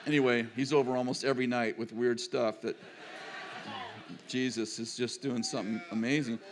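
A man's voice: mid-range voice, steady tone, normal speed, noisy background. An older man, a pastor and grandfather, preaching a sermon in a chatty, digressive storytelling manner.

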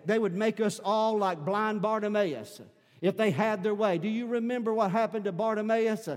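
A male pastor preaches with a notably high voice, moving between intimate asides and rising, fervent shouts. His words ring out with a long hall reverb behind them, as if he stands in a large sanctuary. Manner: preaching, swelling into loud shouting at climaxes. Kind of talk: sermon.

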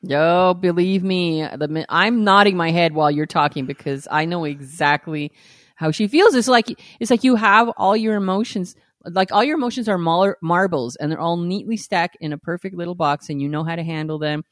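A woman's voice: lowish voice, no echo, clean studio sound. A woman, a podcast co-host, talking bluntly and with plenty of swearing in casual chat. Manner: blunt, profane, quick to laugh.

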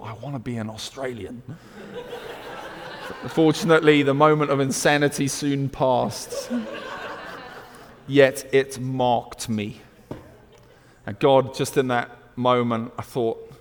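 A man with a British accent preaching a sermon, swinging from loud emphatic declarations to hushed storytelling. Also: mid-range voice, fairly even intonation, unhurried, big-room sound, slight background noise.

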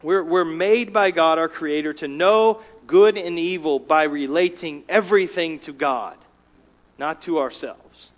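A man preaching a sermon, emphatic, rising in volume for key words and dropping low and quiet between them. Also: unhurried. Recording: dull lo-fi sound.

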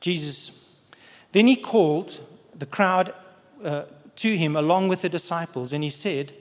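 A man's voice: a little high, measured pace. Man, preacher, sermon, conversational, acts out quotes, long hall reverb.

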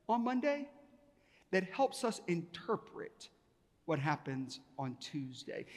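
A male pastor with a high, ringing voice gives a sermon, pushing his pitch and volume up as he acts out the back-and-forth of a story. His words carry a long reverb, as in a large church sanctuary.

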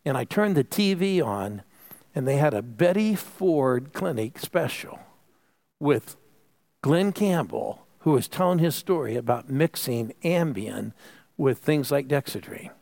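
Gravelly pastor preaching a story. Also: male voice, medium pitch, animated, unhurried, darkish tone. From Phoenix, United States. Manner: call-and-response preaching, storytelling. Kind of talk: sermon.

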